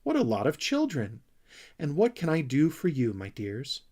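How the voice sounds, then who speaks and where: A man's voice: on the high side, wildly swooping pitch, normal speed. A man doing a chirpy old shopkeeper lady. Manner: warm, chirpy, addresses children as dears. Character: kindly old woman shopkeeper, bright and brisk.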